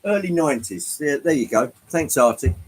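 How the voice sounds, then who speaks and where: A man's voice: on the high side, lively intonation, moderate pace, breathy edge, poor audio. A man hosting a casual livestream, chatting to viewers in a rambling, hesitant way with frequent ums, from Britain. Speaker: livestream host. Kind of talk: casual chat with live chat viewers.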